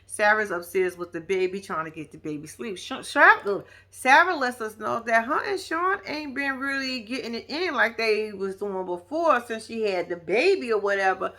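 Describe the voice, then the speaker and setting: A woman's voice: a little high, expressive, normal speed, few pauses, sharp tone. A young woman giving blunt, profane, sassy reaction commentary on a reality show, talking straight to her viewers.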